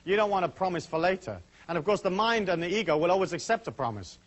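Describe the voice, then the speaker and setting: A middle-aged man leading a seminar in front of a small audience, chatty and brisk, full of asides. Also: high-pitched, expressive. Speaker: seminar speaker. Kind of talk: talk to a live audience.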